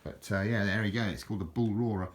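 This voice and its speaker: A man with a very low voice talks casually to a handheld camera at home. His talk stumbles and restarts, full of fillers and chuckling self-mocking jokes. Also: fast. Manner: drops into mock Aussie slang for fun. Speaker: video host showing an object. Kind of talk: casual rambling show-and-tell. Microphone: handheld camera, filming one-handed.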